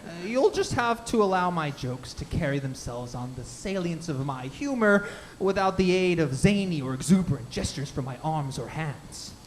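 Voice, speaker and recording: A man voicing a smug male chaos spirit doing a failing stand-up act, with hammy drawn-out punchlines, in a live script reading. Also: fairly high pitch, lively intonation, pitched above the performer's own voice, natural voice. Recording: noisy home recording.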